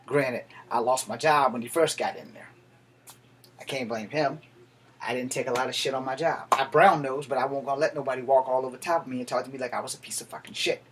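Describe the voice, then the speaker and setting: Man, thirties, blunt profane rant, medium pitch, faint background noise. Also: fairly even intonation, fast, a bit bright. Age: 30s. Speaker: veteran. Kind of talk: political rant to camera.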